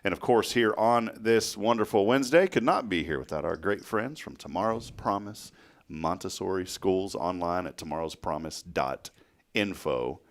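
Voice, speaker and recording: A man's voice: sits low, moderate pace. A man, hosting a local morning talk show, telling rambling stories full of fillers and laughs. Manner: chatty storyteller, laughs often, many fillers. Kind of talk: casual chat.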